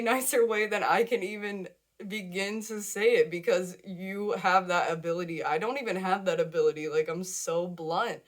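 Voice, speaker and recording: A young woman giving a casual tarot reading to camera, chatty and emotional, repeating words and laughing often. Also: on the low side. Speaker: tarot card reader.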